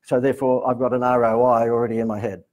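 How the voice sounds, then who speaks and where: A man with an Australian accent gives a live seminar talk to a room, telling stories in a joking, sarcastic manner. His mid-range voice is level, quick and a little mellow, and the recording is muffled.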